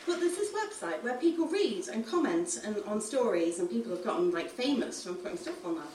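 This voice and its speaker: Woman doing a cheeky teenage brother, offhand and casual, lively pitch, roomy, distant. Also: brisk, slight background noise, lightly acted. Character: cheeky teenage boy, laid-back brother. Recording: roomy room, distant mic.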